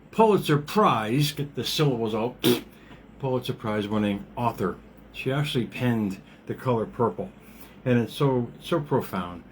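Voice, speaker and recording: A man in his fifties talks through a motivational livestream in a loose, rambling way. He laughs often and swears casually. His voice sits at an ordinary middle pitch, with faint noise behind it. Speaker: motivational podcast host.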